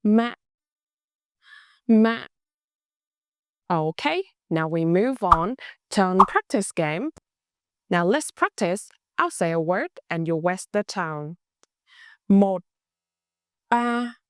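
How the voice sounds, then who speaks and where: A young woman with a Vietnamese accent teaching a language lesson, speaking slowly and carefully and drawing out words to show how they sound. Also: on the low side, sing-song, a bit bright. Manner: slow, careful, exaggerated tone demonstrations.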